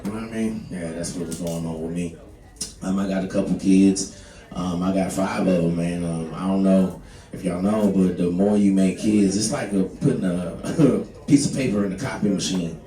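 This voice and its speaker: A man's voice: low voice, steady tone, moderate pace. A man doing a stand-up set, rambling loosely with lots of fillers. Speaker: stand-up comedian. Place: small comedy club. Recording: echoey club, mic from far off, loud crowd. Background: audience laughter.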